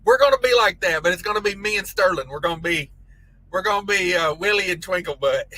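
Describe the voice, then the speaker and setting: A man's voice: high-pitched, fast, pushed and bright, poor audio. A man hosting a casual trucking live stream, reading chat messages aloud with crude jokes and frequent laughter. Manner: crude joking banter, laughs often.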